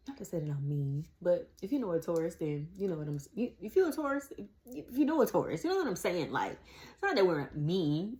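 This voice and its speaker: A woman's voice: lowish voice, very animated, a little fast, mellow. A woman around forty, chatting casually to camera and calling her viewers y'all. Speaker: vlogger.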